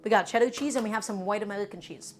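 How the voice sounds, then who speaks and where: A woman's voice: mid-range voice, rapid-fire, faint music behind. A woman chatting casually through a live cooking stream, emphatic and talking to her viewers as friends.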